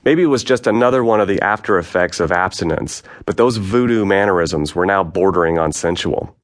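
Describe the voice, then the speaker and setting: A man with a very deep voice narrates his own memoir for an audiobook, telling his story frankly and matter-of-factly at an even, unhurried pace.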